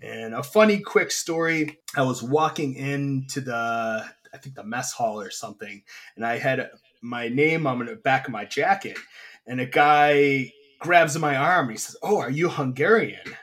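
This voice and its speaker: A man with a mid-pitched voice hosts a relaxed interview. He tells stories in an animated way and slips into quoted voices. He chats freely with his guest. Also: unhurried. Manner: animated, acts out voices in anecdotes. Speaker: podcast host. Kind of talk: casual chat, storytelling.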